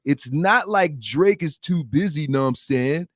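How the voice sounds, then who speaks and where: Guy doing a snotty nasal interviewer voice, slow and mocking, dry sound. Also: fairly high pitch, animated, dry recording. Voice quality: nasal, thick-throated. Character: nasal-voiced male interviewer reading a tweet.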